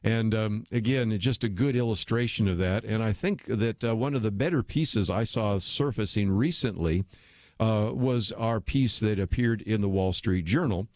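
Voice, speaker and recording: A man's voice: lowish voice, moderate pace, a little mellow, no echo, studio quality. A man hosting a radio talk show, giving opinionated commentary in a conversational way with frequent fillers. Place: radio studio.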